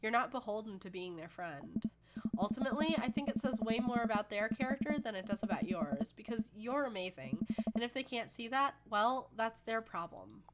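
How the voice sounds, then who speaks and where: A woman's voice: a little high, animated, moderate pace, close to an everyday voice. A woman voicing a kind middle-aged father giving earnest advice with a few jokes. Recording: loud background noise.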